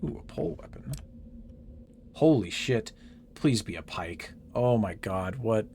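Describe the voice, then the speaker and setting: A man's voice: lowish voice, expressive, a little slow, dark tone, slight background noise. A man giving casual, exasperated commentary while playing a game, swearing and laughing as he rants. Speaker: gaming channel host.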